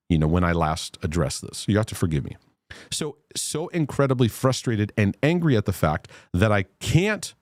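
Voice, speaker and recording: A man's voice: on the low side, darkish tone, dry recording. A man hosting a live question-and-answer broadcast, reading viewers' questions aloud and answering them in an earnest, reassuring way.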